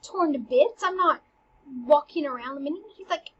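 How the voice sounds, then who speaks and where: A woman's voice: high voice, moderate pace, fairly bright tone. A woman teaching a play, mixing slangy paraphrase with dramatic readings of the lines. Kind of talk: casual lecture paraphrasing a play. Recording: dull lo-fi recording.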